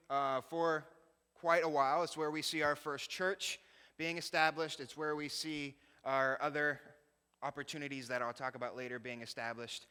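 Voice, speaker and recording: A missionary pastor talks casually through a slide show, laughing and making self-deprecating asides. His voice is bright, forceful, smooth and resonant, slightly high for a man, and a long reverb carries it through a church hall.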